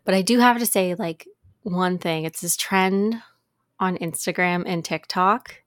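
A woman's voice: lowish voice, measured pace, no room sound, clean studio sound. A woman co-hosting a podcast in casual chat, talking in a chatty, emotional way with frequent laughs. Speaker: podcast co-host.

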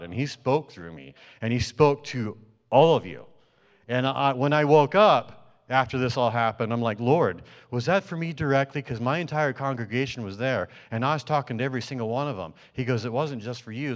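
A man sharing a dream as a testimony to his church congregation, telling it as a story with many fillers and restarts. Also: mid-range voice.

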